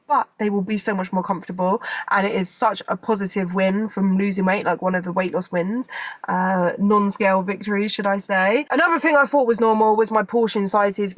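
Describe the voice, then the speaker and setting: A woman's voice: mid-range voice, no room sound. A young woman, chatting casually to camera as a vlogger, rambling and repeating herself.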